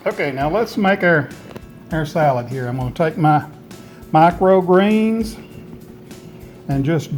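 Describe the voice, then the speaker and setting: Here a man from Tennessee speaks with a highish, darkish voice. Hosting his home gardening channel, he casually demonstrates food he prepared in his home kitchen, keeping the chat folksy and homespun.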